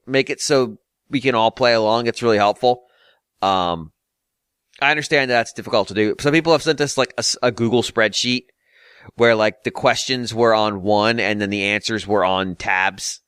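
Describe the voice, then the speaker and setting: A man's voice: mid-range voice, fairly bright tone, smooth, no echo, studio quality. A man hosting a casual gaming podcast, ranting with exasperated, profane humor and frequent laughter. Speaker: podcast host.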